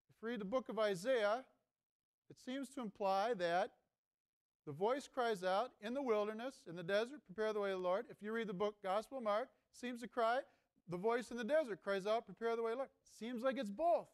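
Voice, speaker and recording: A man who is a priest, preaching a conversational homily with rhetorical questions, speaking. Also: high-pitched. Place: seminary chapel.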